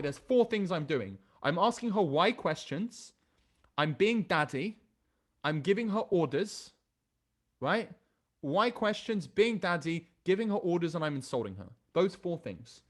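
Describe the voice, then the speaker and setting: A British man giving a recorded dating-coaching lesson, emphatic and repetitive as he hammers each point home. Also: high-pitched. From Britain. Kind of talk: recorded coaching lesson reviewing chat messages.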